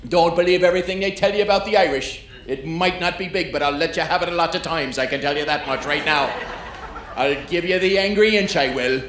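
On a comedy club stage, a New York stand-up comic with a high-ish male voice delivers his set fairly quickly. He's brash, provoking the crowd and working the room. The recording has club echo and loud crowd noise.

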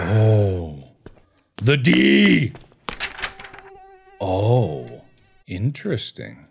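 Animated man yelping through a horror game. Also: measured pace, pauses often. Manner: animated, jumpy, breaks into high yelps and shouts. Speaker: gaming video host. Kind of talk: let's play commentary. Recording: steady background noise.

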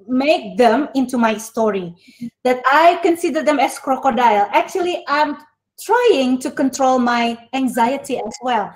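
A woman's voice: high-pitched, low-quality recording. A woman lecturer with an Indonesian accent teaching an online class, mixing English and Indonesian and speaking expressively.

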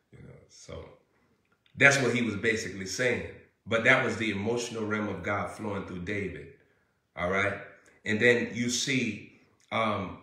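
A pastor with a Southern US accent delivers a sermon, his voice pitched low. He repeats his phrases and swells into loud, emphatic bursts. A strong echo hangs on every word. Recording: echoey room.

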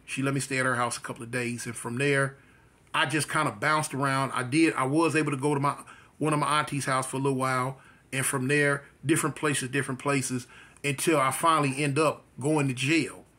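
A man's voice: medium pitch, level tone, a little fast, sharp tone. A man casually telling a personal life story, repeating phrases and acting out sounds as he goes. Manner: vivid storyteller who repeats phrases and mimics gunshots.

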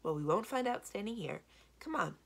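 A woman voicing a brisk, confident young princess who speaks decisively, reading a children's book aloud. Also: medium pitch, animated, creaky.

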